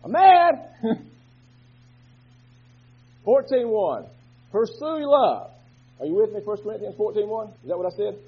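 A male pastor preaching a fervent sermon in a church, moving from quiet talk to shouting. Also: high voice, animated, measured pace, pauses often, breathy edge. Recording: dull lo-fi recording.

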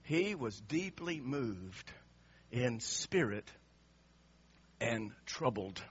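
A man's voice: medium pitch, sing-song, very slow, husky, muffled recording. A male pastor preaching an impassioned sermon, emphatic and repeating words for effect.

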